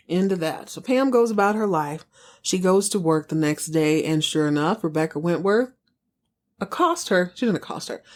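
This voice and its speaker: Woman host, casual animated recap chat. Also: on the low side. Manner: chatty, animated retelling with acted quotes and asides. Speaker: podcast host recapping a TV drama.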